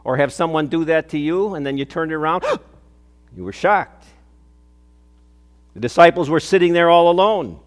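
An older male pastor preaching a sermon, telling stories earnestly, building up on key points and dropping soft on others. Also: a little high, fast, hardly any pauses, clear, resonant tone. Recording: long hall reverb.

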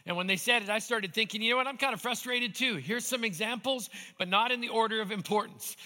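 A man's voice: sits high, bright, forceful tone. A man, a pastor, preaching a sermon to a nearly empty church, building repeated refrains with dry humor. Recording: echoey hall.

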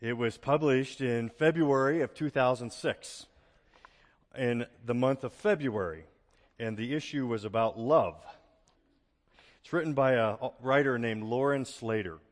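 A male pastor beginning a sermon, reading a story aloud in a steady storytelling manner. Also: medium pitch, unhurried, in a large hall. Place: church auditorium.

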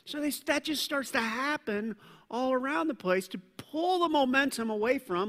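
A male pastor delivers a lively sermon in a high, bright voice that cuts through the room. He tells the story with animation, acting out the scenes. His words ring out with the long reverb of a large church hall. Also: normal speed.

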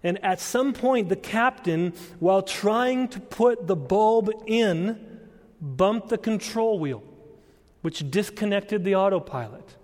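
Unhurried male preacher, earnest and deliberate, heard in an echoing church sanctuary. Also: high voice, expressive, darkish tone. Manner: deliberate storytelling, building to earnest emphasis. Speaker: pastor. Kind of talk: sermon. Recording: long church-hall reverb.

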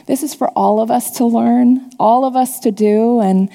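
Woman preacher, earnest testimony-style sermon, slightly high and warm with a gravelly edge, captured in a reverberant church hall. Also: steady tone, a little slow. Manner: earnest, confessional storytelling to a congregation. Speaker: church teacher.

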